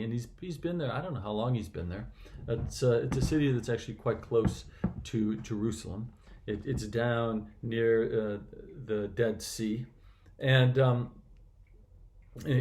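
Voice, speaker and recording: A man's voice: mid-range voice, a little mellow. A man reading a scripture passage and then reflecting on it in an earnest, conversational way, often restarting his sentences. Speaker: church reflection speaker.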